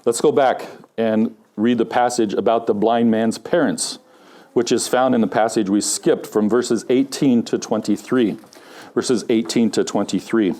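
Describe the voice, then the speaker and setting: A man preaching a sermon as pastor, telling a joke story with loud, animated punchlines and dropping low and quiet for serious points. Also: unhurried.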